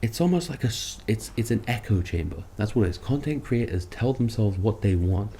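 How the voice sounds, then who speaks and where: A man's voice: on the low side, lively intonation, brisk, mellow, slight background noise. A man who makes online videos, ranting about other creators in a sarcastic, rambling, self-mocking way. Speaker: content creator. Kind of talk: ranting commentary vlog.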